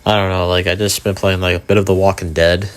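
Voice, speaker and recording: Young guy with a real low voice rambling thru gameplay commentary, lots of likes and ums, swears a bit. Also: flat delivery, fast talker. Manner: rambling, filler-heavy, swears casually. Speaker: gaming channel host.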